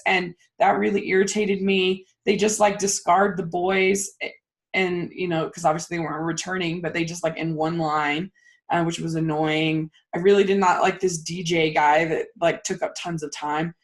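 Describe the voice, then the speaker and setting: A young woman hosting a casual movie podcast, talking in an animated, ranting way with lots of fillers. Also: on the low side, moderate pace. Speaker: podcast host. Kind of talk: casual chat.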